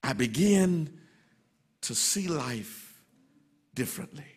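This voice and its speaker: A man preaching a sermon as pastor, swinging from soft, low passages to loud, shouted refrains. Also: expressive, takes it slowly, breathy edge.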